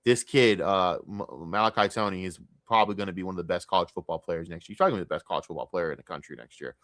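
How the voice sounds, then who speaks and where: A young man streaming a casual, profane and rambling sports rant, talking excitedly. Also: sits low, very fast, no echo, studio quality.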